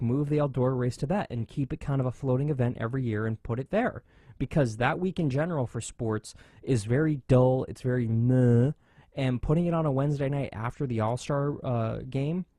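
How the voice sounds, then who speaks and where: A man hosts a motorsports talk radio show, speaking casually and animatedly, with frequent fillers and restarts. His voice sits at a middling pitch. The studio sound is dry and close. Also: mellow, no room sound.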